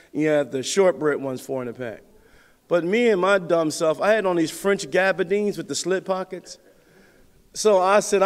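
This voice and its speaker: A man preaching a sermon as pastor, telling a personal story with big swings in pitch and loudness. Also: long reverb tail.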